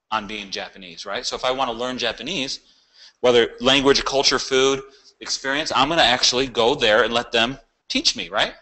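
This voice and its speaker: A man in his forties, a therapist leading a workshop, talking in an emphatic, animated way and often asking "right?". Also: medium pitch, low-quality recording. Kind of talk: informal workshop talk.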